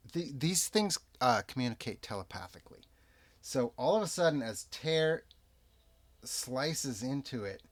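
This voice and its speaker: Dude running a solo tabletop game, slow and chatty, voice bounces around a lot. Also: male voice, medium pitch. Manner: unhurried, chatty, lively ups and downs. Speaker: game master and player.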